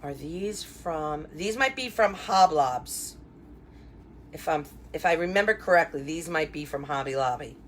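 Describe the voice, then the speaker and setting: This woman's low-pitched voice moves unhurriedly with lively intonation, and a little hiss or hum sits underneath. She designs wreaths and leads a live craft tutorial, greeting viewers by name in a chatty, upbeat way with many fillers and asides.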